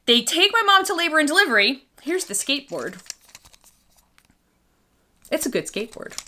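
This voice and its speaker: Bright-voiced chatty woman doll vlogger. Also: high-pitched, sing-song, normal speed. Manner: chatty, goofy, rambling storytelling. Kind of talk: casual doll review chat.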